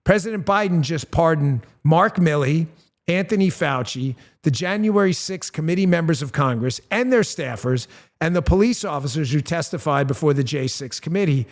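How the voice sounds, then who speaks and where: A man's voice: animated, moderate pace. A middle-aged man hosting a political commentary show, talking bluntly and getting heated, with swearing. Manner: blunt, heated, swears and rises in pitch when angry. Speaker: host.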